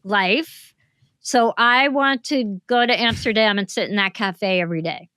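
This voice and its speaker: A woman in her seventies, a talk show guest, answering questions in a thoughtful, measured storytelling way. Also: mid-range voice, pushed and bright, smooth, dry recording, clean studio sound. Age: 70s. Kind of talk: interview conversation.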